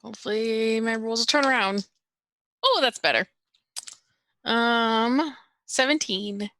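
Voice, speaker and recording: Brief: woman player, bright, sharp tone, dry close mic. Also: fairly high pitch, a little slow, no room sound. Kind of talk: tabletop game chat.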